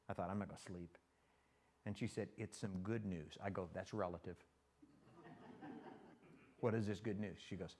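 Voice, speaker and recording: A man's voice: deep voice, moderate pace, long pauses. An older man preaching a casual, story-driven sermon as pastor, acting out conversations from his own life. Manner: folksy, animated, quotes people in his stories.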